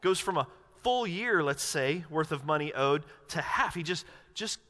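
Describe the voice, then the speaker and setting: Pastor guy preaching, chatty and loose, acts out little voices, bright tone, big reverby hall. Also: fairly high pitch, animated, moderate pace. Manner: casual, conversational preaching with acted-out inner monologues. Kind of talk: sermon. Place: church sanctuary. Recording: long reverb of a large hall.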